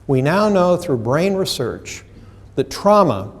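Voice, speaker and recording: A man giving a live seminar lecture to a room of workers, animated and direct, teasing and quizzing the audience as he goes. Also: on the high side, slow. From United States. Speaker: trainer presenting a seminar.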